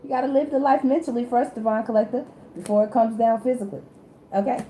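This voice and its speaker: This tarot reader and channel host talks fast in a fairly high, warm voice, reading cards casually to camera. Teasing and chatty, she laughs often and speaks in loose slang; the sound is reverberant with slight background noise.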